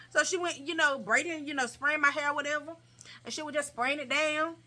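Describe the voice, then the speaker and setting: Young woman, casual storytime vlog, slangy and animated, higher bright voice. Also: fast. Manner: animated, slangy, repeats herself for emphasis. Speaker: vlogger.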